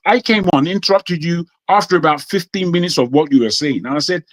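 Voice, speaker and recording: A man's voice: on the high side, brisk, few pauses, fairly bright tone, dry recording. A man from Nigeria with a British accent, speaking insistently as a guest in a heated debate. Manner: indignant, insistent, repeats for emphasis. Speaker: panel guest.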